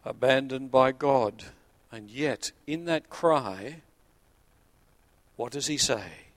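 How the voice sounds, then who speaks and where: A man, a pastor delivering an earnest sermon that swells to emphatic peaks and sinks to quiet low points. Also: expressive, slow, long pauses, dry recording. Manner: earnest preaching, rising to emphatic peaks then dropping low.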